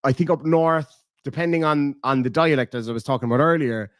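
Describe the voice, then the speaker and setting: A man's voice: on the high side, brisk, no room sound, studio quality. A man with a southern Irish accent chatting casually on a livestream, blunt and profane. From Ireland. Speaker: streamer.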